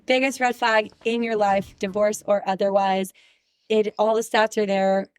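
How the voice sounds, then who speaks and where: This woman speaks as a podcast guest and relationship expert. She is frank and emphatic, pressing her points home in a relaxed, chatty way. Her voice sits at an ordinary pitch and is recorded dry and close. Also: moderate pace, clear, resonant tone, no room sound. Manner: candid, emphatic, direct. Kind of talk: casual podcast conversation.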